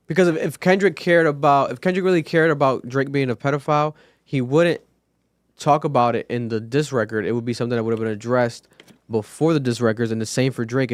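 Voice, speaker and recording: A man co-hosting a podcast, commenting casually and reasoning his points out loud. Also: medium pitch, dry recording, studio quality. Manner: animated, talks through points out loud. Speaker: podcast co-host.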